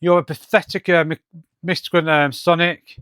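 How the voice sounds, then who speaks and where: A man reading the lines of a scheming male mad scientist villain from a comic, halting with fillers. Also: fairly high pitch, little pitch movement, fairly bright tone, smooth, no room sound, studio quality, lightly acted. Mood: boastful.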